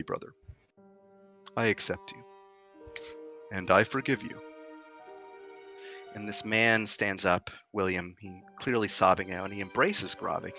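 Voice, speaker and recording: A man's voice: low voice, gravelly, bright, forceful tone, poor audio. A man narrating as game master of a tabletop game, describing the scene in detail with frequent fillers.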